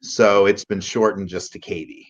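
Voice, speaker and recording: Low-voiced man, relaxed and unhurried. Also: lo-fi sound. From Pennsylvania, USA. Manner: relaxed, many ums and uhs. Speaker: guest, rabbit breeder and judge. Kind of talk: casual interview.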